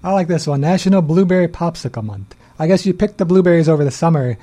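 A man's voice: fairly high pitch, fast, warm tone. A man co-hosting a community radio show, easygoing and reading out announcements in casual chat. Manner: easygoing, laughs, reads announcements. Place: radio studio.

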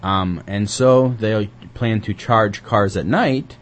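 A man's voice: lowish voice, slow. A man co-hosting a community radio show, chatting casually and reading news, rambling with lots of hesitant fillers.

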